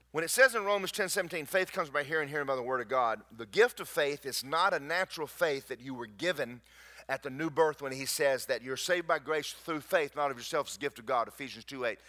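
Male pastor, sermon delivery, slightly high, animated, folksy asides. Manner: animated, rising to near shouts at peaks, folksy asides to the congregation. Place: church sanctuary.

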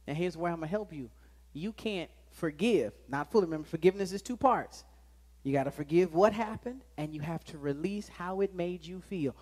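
Male pastor, live church sermon; dynamic delivery with sharp loud-to-hushed swings and playful asides. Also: high-pitched, lively intonation, normal speed. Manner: joking asides to the congregation. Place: church sanctuary with live congregation.

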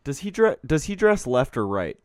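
A man's voice: mid-range voice, big pitch swings, normal speed, a little mellow, no room sound, studio quality. A young man co-hosting a podcast, bantering crudely and swearing in casual chat. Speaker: podcast co-host.

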